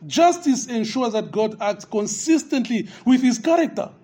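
A man's voice: very high-pitched, animated, normal speed, a little mellow. A man preaching a sermon, speaking emphatically to his listeners, calling them dear friend and rising on repeated questions.

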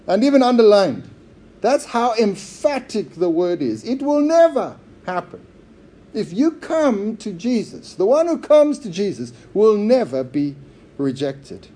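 A man preaching a sermon in a church, emphatic and repetitive, swinging between loud stresses and quiet drops. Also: high-pitched, breathy edge. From outsider to Zambia.

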